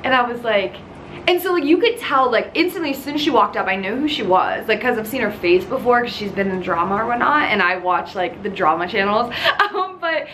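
A young woman with a fairly high voice chats through a vlog storytime. She peppers every sentence with "like" and relives each moment animatedly. Faint background noise sits under her voice. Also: a little fast. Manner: chatty, filler-heavy with constant "like", animated retelling. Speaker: YouTuber. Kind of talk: casual storytime chat.

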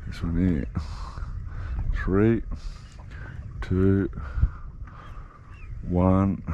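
Gravelly excitable Australian fisherman. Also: slow, pauses often, lo-fi sound, a little hiss or hum. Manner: bursts into loud excited shouts, then drops to low coaching mutters. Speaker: fishing vlogger. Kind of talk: excited running commentary while fishing. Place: boat on the open sea, outdoors. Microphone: action camera.

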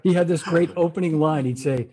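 Friendly host with a slightly husky voice. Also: male voice, fairly high pitch, a little fast, a little mellow. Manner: friendly, chatty and a bit scattered. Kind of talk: casual interview over video call. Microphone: video call.

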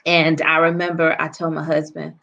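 Soft-spoken woman telling a personal story. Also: deep voice, completely flat delivery, vocal fry, lo-fi sound. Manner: soft, halting, many pauses and restarts. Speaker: guest author and poet.

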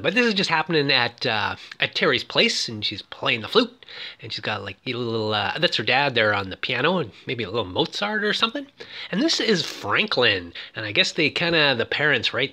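A man's voice: medium pitch, bright, forceful tone. A man giving casual, playful commentary over film clips, full of fillers and cheeky asides. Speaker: film reviewer.

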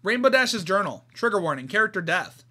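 A man's voice: high voice, very animated, a little fast, pushed and bright, a little hiss or hum. A man reading a fan story aloud and reacting with shocked exclamations and asides.

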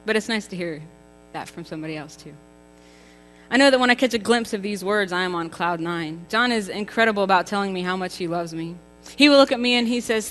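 Female preacher, 30s, bright tone, chatty and emphatic, long hall reverb. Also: mid-range voice, fast talker. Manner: chatty and emphatic, with rhetorical questions to the congregation. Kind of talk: contemporary church sermon. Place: church sanctuary. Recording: reverberant church hall with faint music.

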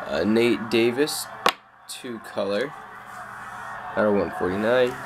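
A young man calmly listing off his trading cards in a casual showcase, with slang and frequent fillers. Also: fairly low pitch. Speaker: card collector.

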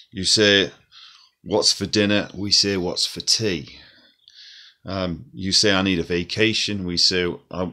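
A man's voice: deep voice, bright, forceful tone. A British man from the UK, chatting casually to viewers as a vlogger and laughing lightly between points. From United Kingdom. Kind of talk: casual explainer.

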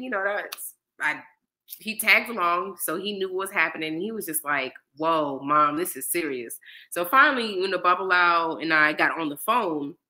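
Woman, 30s, interview guest; low-ish bright voice, animated storyteller. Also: poor audio. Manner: animated, acts out quoted dialogue.

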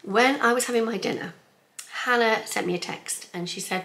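A middle-aged woman chatting excitedly to her viewers as she unboxes a parcel in her sewing room. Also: fairly high pitch, moderate pace. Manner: gushing, excitable, talks to viewers as folks. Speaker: sewing vlogger.

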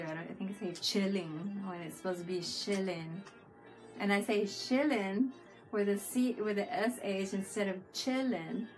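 Woman, casual live-stream host, laughs a lot, mid-pitched, music bed behind. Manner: chatty, giggly, talks to viewers in chat.

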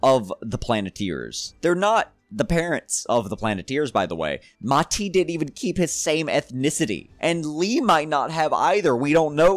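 Sarcastic, animated male cartoon reviewer. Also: fairly high pitch, normal speed, few pauses, dry recording, soft background music. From American South. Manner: sarcastic, rambling, laughs at his own jokes. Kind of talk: casual commentary.

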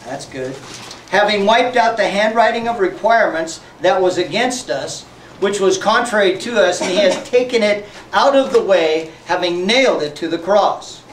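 High-voiced folksy man preaching. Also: expressive, moderate pace, slight background noise. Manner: folksy, joking, laughs often. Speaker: pastor. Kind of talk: sermon. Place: church sanctuary. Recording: echoey church sanctuary, mic from far off.

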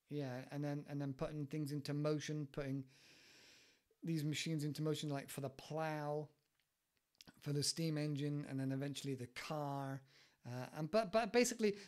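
Rambling British man on a podcast. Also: on the high side. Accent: British English. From United Kingdom. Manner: rambling, thinking aloud with many fillers and restarts. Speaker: podcast host. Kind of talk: casual solo podcast talk.

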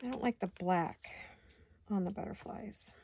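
Gravelly-voiced woman chatting while crafting. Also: mid-range voice, unhurried, dark tone. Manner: chatty, talks to herself while working. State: hiccups. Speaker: crafting channel host. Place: home craft studio.

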